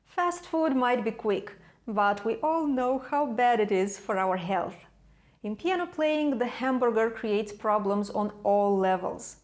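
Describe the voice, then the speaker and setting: A woman with a slightly high voice gives a scripted piano lesson. She speaks in a measured, emphatic way and lets dramatic pauses land between her points. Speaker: piano teacher.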